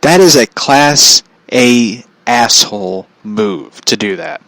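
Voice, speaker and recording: A man's voice: medium pitch, animated, takes it slowly, vocal fry, fairly bright tone, dry recording, low-quality recording. A man ranting bluntly in a casual commentary vlog, swearing freely and often laughing at his own points. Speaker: vlogger.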